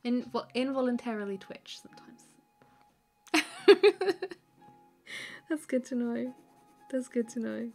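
A woman's voice: on the high side, steady tone, normal speed, mellow, soft background music. A woman chatting casually on a live stream while she draws, laughing often, rambling with plenty of fillers, and reading viewer comments aloud to answer them. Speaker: artist live-streaming a drawing.

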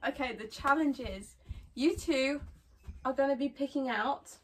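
A high-pitched woman hosts a casual home vlog, rambling with plenty of "like" fillers and easy giggles. She sits a bit back from the microphone, so her voice sounds distant in a bedroom. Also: unhurried. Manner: chatty, lots of "like" fillers, giggly. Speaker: vlogger host. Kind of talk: casual chat.

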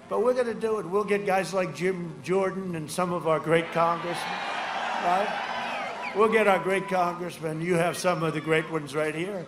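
A man's voice: moderate pace, background noise. Rambling older man at an echoey rally. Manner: rambling, repetitive, swings from loud shouts to low asides. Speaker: politician speaking at a rally. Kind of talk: rally speech. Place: large outdoor rally. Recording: echoey outdoor rally with crowd ambience.

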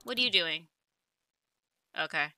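A woman's voice: lowish voice, animated, measured pace, sharp tone. A woman giving casual gameplay commentary, chatty and easily exasperated, talking back to the characters on screen. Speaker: let's play gamer.

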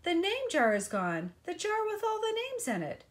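Woman doing an excitable, shouting schoolboy. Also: very high voice, normal speed, pitched above the performer's own voice, heavily acted. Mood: excited. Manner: loud, excited.

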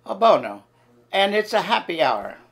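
A man's voice: high-pitched, sing-song, moderate pace, a bit bright, husky, pitched above the performer's own voice, full character voice. A man voicing an effusive, theatrical Italian waiter in a language-lesson skit, with a put-on Italian accent and a sing-song delivery.

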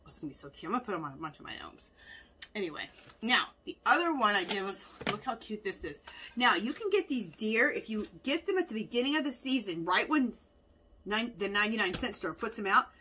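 A woman's voice: mid-range voice, sharp tone, breathy edge. A woman hosting a casual haul video at home, chatty and enthusiastic, gushing over cute craft finds.

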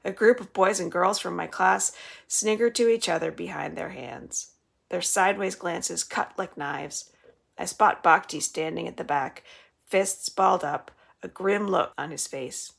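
A woman librarian reading a children's novel aloud in a steady storytelling manner. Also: fairly low pitch, vocal fry, breathy edge.

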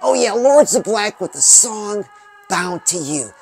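A man giving an upbeat, preachy pep talk about dreams and goals, often breaking into drawn-out "oh yeah"s while presenting a music video. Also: high-pitched, expressive, creaky. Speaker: music video reactor and motivational vlogger. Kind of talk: motivational talk.

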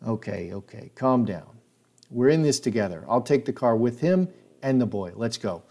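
A man voicing a menacing adult man who threatens everyone around him, speaking gruffly. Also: mid-range voice, lively intonation, moderate pace, mellow. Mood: scornful. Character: menacing adult male abuser, the boy's father.

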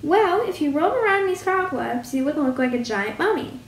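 Bouncy loud tiger, as a woman puts him on, high lively voice, echoey room. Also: moderate pace. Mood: boisterous. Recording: roomy with faint hum.

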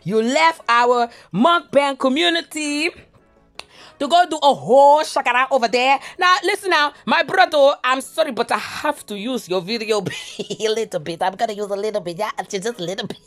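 A woman's voice: high voice, fairly bright tone. A woman reporting on YouTube drama in a chatty, playful, exclamatory manner. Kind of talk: drama commentary vlog.

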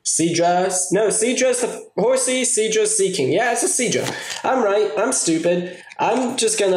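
A young man giving casual, joking commentary while opening card packs, swearing often. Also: a little high. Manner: excitable, swears a lot, jokey asides. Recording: echoey room with faint noise.

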